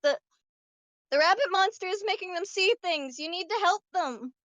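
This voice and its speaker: A woman's voice: extremely high pitch, animated, normal speed, a bit bright, no echo, voice pushed up. A woman voicing a worried young woman who urges others to help, in a tabletop game. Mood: urgent.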